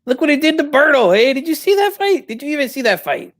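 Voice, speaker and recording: Doing a comic impression, a man with a somewhat high, expressive voice plays a proud older boxing dad who is drinking and tipsy, tacking "eh?" onto nearly every phrase and sprinkling in Spanish slang. He speaks at a moderate pace and sounds wounded and tipsy.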